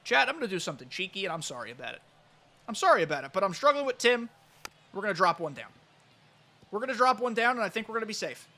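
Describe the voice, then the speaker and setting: A man with a high, bright, ringing voice runs excitable live commentary over his own baseball video game. He chats straight to his viewers, calling each pitch as he plays. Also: quick pace, slight background noise. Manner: excitable, chatty, talks to chat. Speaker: gaming YouTuber.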